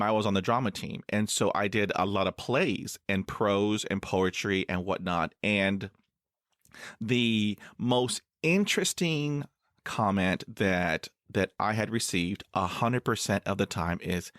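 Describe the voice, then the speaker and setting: A man's voice: on the low side, lively intonation, measured pace, a bit bright, dry recording, clean studio sound. A middle-aged man hosting an interview podcast, stuttering with blocks and repeated sounds, and filling his talk with "you know". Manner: many "you know" fillers, laughs easily. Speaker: podcast host. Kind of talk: casual conversational interview.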